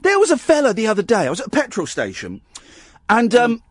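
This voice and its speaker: A man's voice: high-pitched, wildly swooping pitch, fast, dry recording, clean studio sound. A man hosting a late-night radio phone-in, jokey and rambling with stammering restarts.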